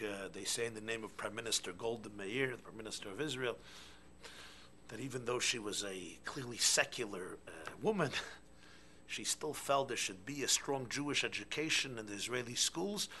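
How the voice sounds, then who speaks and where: Gravelly, animated male rabbi. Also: mid-range voice, moderate pace, a little hiss or hum. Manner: animated, swings from whispers to loud exclamations. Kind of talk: sermon with storytelling.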